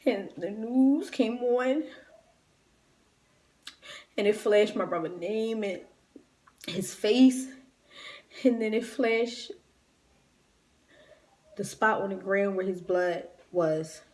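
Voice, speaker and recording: A woman's voice: mid-range voice, slow pace, long pauses, a little mellow. A woman retelling a personal story in a raw, emotional, conversational way, grieving and near tears. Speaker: vlogger.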